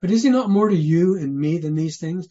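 A man's voice: a little high, fairly quick, warm tone. A man preaching a sermon in an earnest, conversational way. He asks many rhetorical questions and often restarts his sentences. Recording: dull lo-fi sermon recording.

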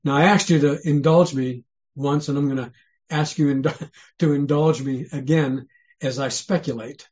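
A man's voice: a little high, fairly even intonation, normal speed, darkish tone. A man preaching a sermon in an earnest, conversational way. He asks many rhetorical questions and often restarts his sentences. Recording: dull lo-fi sermon recording.

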